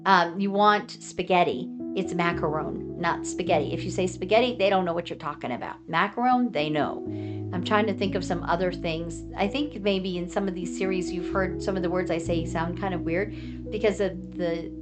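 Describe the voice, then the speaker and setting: A woman's voice: lowish voice, normal speed, over loud music. An American woman giving casual, earnest advice in a chatty way, often acting out how other people answer her. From United States. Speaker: vlogger giving advice to foreigners.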